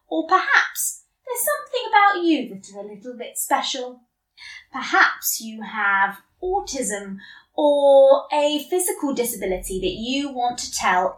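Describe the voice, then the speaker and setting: A woman hosting a children's podcast, reading a story aloud in a gentle, animated way. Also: high-pitched, roomy sound, recorded from a distance. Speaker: podcast host. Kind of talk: kids' podcast narration.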